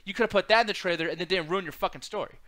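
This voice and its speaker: A man with a high, bright voice rants through a casual movie chat as co-host. He swears constantly and complains with animated energy. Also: very fast. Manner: profane, ranting, animated. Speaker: podcast co-host.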